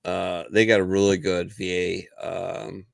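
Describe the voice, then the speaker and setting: A man's voice: deep voice, flat delivery, measured pace, gravelly, no room sound. A man hosting a casual veterans' talk show, swearing freely and acting out the voices in his stories. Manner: profane, storytelling, acts out quoted voices. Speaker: podcast host. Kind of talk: casual bar chat.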